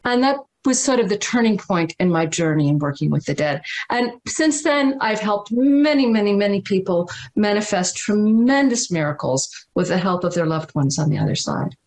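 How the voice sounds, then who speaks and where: A woman guest speaking over a video call, telling a personal story in an emphatic, dramatic way, slowing down and repeating words for stress. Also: mid-range voice, very animated, a little mellow. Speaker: spiritual teacher and guest.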